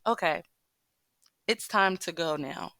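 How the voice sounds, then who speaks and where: A woman's voice: fairly low pitch, slow, vocal fry, sharp tone, dry recording. A woman giving casual relationship advice, telling a story in a chatty way straight to her viewers. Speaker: commentator.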